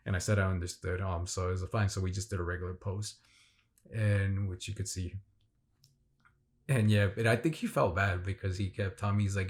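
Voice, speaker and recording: A man with a very low, gravelly voice tells the story of a fan signing in a loose, excited vlog. He rambles, restarts often and leans on fillers as he goes. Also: brisk. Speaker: vlogger. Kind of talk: casual vlog recap.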